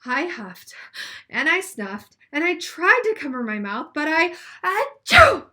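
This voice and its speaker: A woman reading aloud as a sly, smooth-talking male wolf telling his side of a storybook tale. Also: high-pitched, animated, a little slow, bright, forceful tone, heavily acted. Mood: wry.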